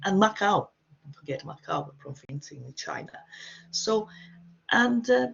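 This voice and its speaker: A woman's voice: medium pitch, animated, measured pace, vocal fry, a bit bright. Chatty woman teaching online. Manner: chatty, explains with frequent "okay?" checks. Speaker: Portuguese teacher. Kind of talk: online language lesson. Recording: dull lo-fi online class audio.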